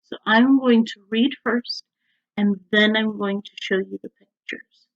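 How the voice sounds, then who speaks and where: A woman teacher reading a picture book aloud to young children at home, stopping to ask them questions. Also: mid-range voice. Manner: slow, animated, asks the children questions. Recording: dull lo-fi recording.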